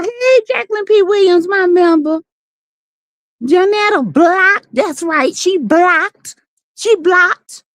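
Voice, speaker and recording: Sassy woman for a live-stream chat, high voice that swings all over, dry close sound. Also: no room sound. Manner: sassy, playful, greets viewers by name.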